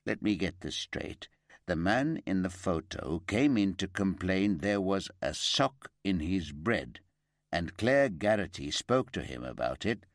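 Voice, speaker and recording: A man voicing an earnest male detective sergeant who speaks in a measured, polite way. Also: sits low, sing-song, no echo, clean studio sound. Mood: businesslike. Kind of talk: audiobook character voice.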